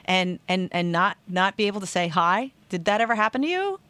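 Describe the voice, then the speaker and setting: A woman radio host asking questions in a casual interview, chatty and quick to laugh. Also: medium pitch, very animated, fairly bright tone, smooth, no room sound. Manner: chatty, giggly, eager questions.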